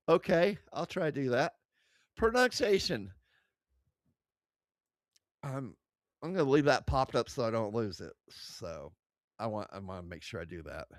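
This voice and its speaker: A man's voice: medium pitch, lively intonation, unhurried, long pauses, dry recording. A man hosting a livestream, reading chat aloud and mocking it, swearing and laughing often, close to his desk mic. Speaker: livestream host.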